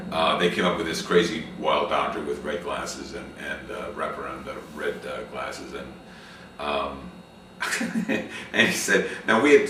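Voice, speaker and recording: A middle-aged man with a very low voice tells his story in a rambling way, full of fillers and false starts. His tone is bright and forceful, recorded off mic in a very echoey room with faint background noise. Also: recorded from a distance. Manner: rambling, many fillers and restarts. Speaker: interview guest, actor and acting coach. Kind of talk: casual interview conversation.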